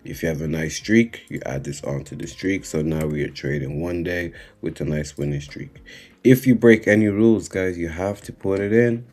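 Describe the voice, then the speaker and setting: A man giving a live-streamed trading lesson, speaking slowly and repeatedly checking in with his viewers. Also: sits low, a little mellow. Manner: unhurried, repeating "right?" and "guys" to the chat. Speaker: trading instructor.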